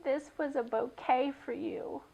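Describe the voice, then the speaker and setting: Woman doing a little girl, furious then shaky, high voice with some gravel. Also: fairly even intonation, measured pace, dark tone, muffled recording. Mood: shaky, sad. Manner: fierce whispered scolding, high and shaky. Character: young girl, upset and heartbroken.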